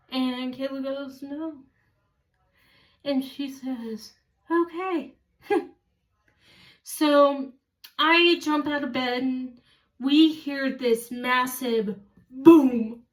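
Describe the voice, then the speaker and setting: High-voiced woman telling a slow story. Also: distant mic. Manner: rambling, stops to correct herself. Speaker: vlogger. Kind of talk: casual storytelling.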